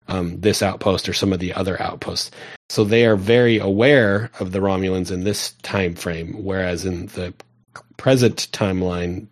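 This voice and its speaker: A man's voice: sits low, no room sound. A man in casual chat, recapping a TV episode at length with rambling restarts and fillers. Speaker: podcast co-host.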